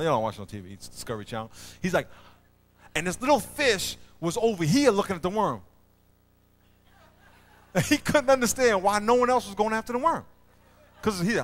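A middle-aged man preaching a sermon as pastor, animated and folksy, telling stories with loud emphatic bursts. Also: on the high side. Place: church auditorium.

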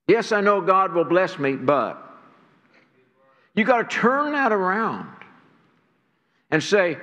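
Man, high voice, earnest sermon, church hall reverb. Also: big pitch swings, measured pace, long pauses, a bit bright. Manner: earnest preaching, repeats words, stirs the congregation. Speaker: pastor. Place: church sanctuary.

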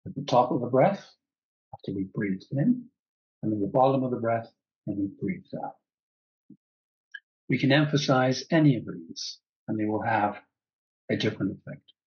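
A man leading a guided breathing class, giving calm, soothing instructions at an unhurried pace. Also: mid-range voice, slightly rough, muffled recording. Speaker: breathwork teacher.

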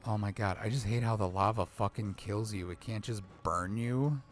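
A man's voice: lowish voice, normal speed, soft background music. A man who is a gaming dad, giving profane, grumbling let's play commentary on a video game. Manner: swears a lot, grumbles at the game. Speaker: gamer dad.

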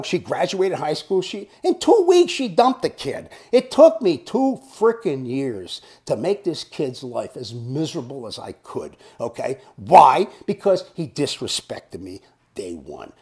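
A man in his seventies, hosting as a storyteller, casually recounts a personal story in a slightly high, darkish voice. He speaks bluntly and swears freely, coming across like a tough guy.

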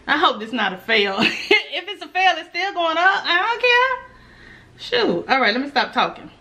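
Lively, bright-voiced woman vlogger. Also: high-pitched, brisk. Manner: chatty, laughs often, talks straight to viewers; nervous, giggly energy. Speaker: food vlogger. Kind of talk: casual mukbang vlog.

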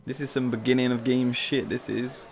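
A man's voice: mid-range voice, flat delivery, normal speed, creaky, a little hiss or hum. A man giving casual, profane and jokey commentary while playing a video game. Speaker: gameplay commentator. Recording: game music playing behind the voice.

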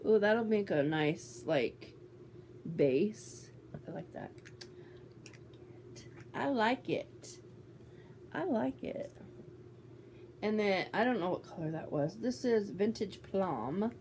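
A woman's voice: medium pitch, expressive, takes it slowly, pauses often, darkish tone, slight background noise. A woman vlogging casually as she unboxes a gift swap, bubbly and teasing as she exclaims over each item. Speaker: beauty vlogger.

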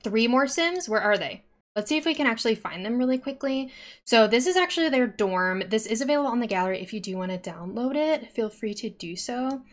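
A young woman with a slightly high voice chats her way through a game stream. She is excitable and talkative, and often talks straight to the characters on screen. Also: brisk. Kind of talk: casual gameplay commentary.

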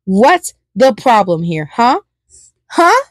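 A woman's voice: big pitch swings, measured pace, no echo, clean studio sound. A woman voicing an unhinged, sneering male killer clown in a read-aloud fan story. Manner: sneering, shrill, mocking.

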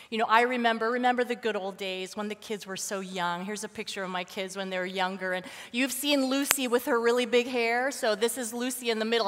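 High-voiced woman speaking in a church hall. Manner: warm storytelling, acts out her son's shouts. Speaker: guest speaker at a church service. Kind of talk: Mother's Day sermon talk. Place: church sanctuary. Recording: long hall reverb of a church.

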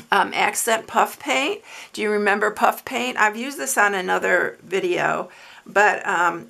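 A woman's voice: mid-range voice, gravelly, bright, forceful tone. A woman hosting a papercraft tutorial, chatting casually, repeating herself and dropping fillers as she shows her work. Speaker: papercraft channel host.

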